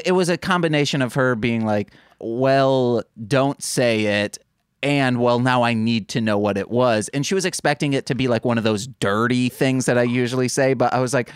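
A man's voice: mid-range voice, smooth, no room sound, clean studio sound. A man co-hosting a podcast, telling rambling stories in casual chat and acting out quoted dialogue. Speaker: podcast co-host.

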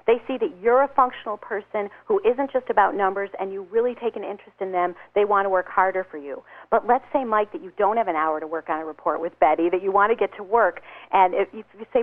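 A woman's voice: mid-range voice, quick pace, few pauses. Upbeat woman on a phone line. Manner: upbeat, acts out quoted dialogue. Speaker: guest author. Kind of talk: advice interview.

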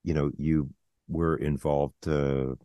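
A man hosting an interview, asking questions haltingly with many "uh"s. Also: rumbling low, little pitch movement, dark tone, no room sound, clean studio sound. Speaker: podcast host.

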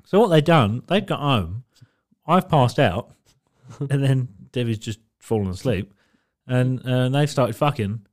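A man's voice: mid-range voice, expressive, a little slow. A man co-hosting a podcast, telling a rambling, sweary story and laughing through it. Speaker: podcast co-host. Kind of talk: casual storytelling chat.

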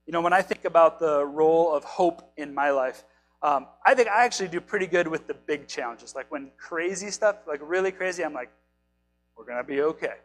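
A pastor, probably in his thirties or forties, gives a chatty, casual sermon, poking fun at himself and putting questions to his listeners. His voice is a little high and fairly quick, with faint music behind and poor audio quality.

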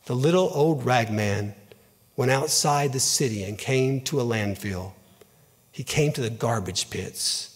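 A man giving an earnest, emotive dramatic reading of a story, in a measured way. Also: mid-range voice. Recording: long hall reverb.

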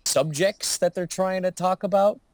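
A man's voice: high voice, normal speed, no echo. Man, podcast co-host, casual banter, jokey, swears, dry close sound. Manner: joking, swears freely, laughs often.

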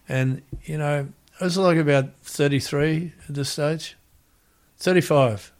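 A man's voice: mid-range voice, fairly even intonation, unhurried. A middle-aged man with an Australian accent, telling a rambling anecdote as an interview guest and acting out the quotes.

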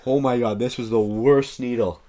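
A man's voice: mid-range voice, fairly even intonation, moderate pace, mellow. A young man on a podcast, telling a story in casual chat and laughing often. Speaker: podcast co-host.

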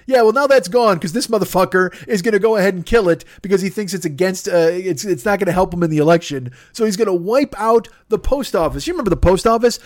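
A man's voice: sits high, fast talker, hardly any pauses, a little mellow, no room sound, studio quality. A man hosting a podcast, ranting in a sarcastic, exasperated and profane way. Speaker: podcast host. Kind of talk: ranting monologue.

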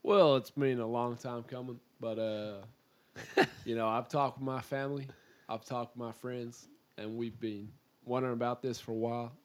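An Irishman playing a male American college football recruit with a Texas accent, announcing his commitment in a mock-earnest, quiet way. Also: medium pitch, steady tone, normal speed, voice pushed down, close to an everyday voice. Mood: mock-solemn.

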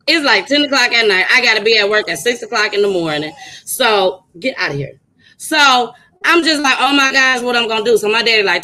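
A woman co-hosting a podcast, telling stories in a loud, animated way, swearing freely and laughing often. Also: fairly high pitch, poor audio. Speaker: podcast co-host. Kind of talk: casual chat and storytelling.

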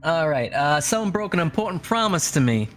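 A man's voice: on the high side, very animated, a little fast, a bit bright, soft background music. A man playing a tabletop game, talking loosely in character with lots of fillers and hesitations. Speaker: player. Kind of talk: casual in-character game talk.

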